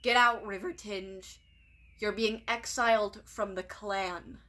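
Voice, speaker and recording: A woman's voice: medium pitch, extremely slow, a bit bright. A woman voicing a stern, fierce female warrior cat deputy from a storybook, with a firm, commanding delivery.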